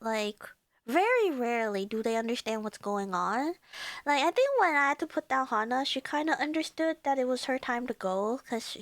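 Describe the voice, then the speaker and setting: Young female streamer, high, slow, dry close sound; tearful, laughing reaction chat. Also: no echo. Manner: emotional, tearful, laughs often.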